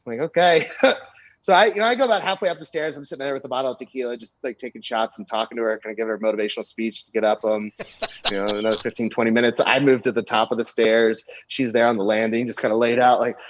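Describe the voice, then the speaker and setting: A man's voice: mid-range voice, dry recording. Young man, comedian, crude storyteller, filler-heavy, dry muffled sound. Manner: animated, crude anecdote telling with many fillers. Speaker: comedian guest. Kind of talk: storytelling on a podcast.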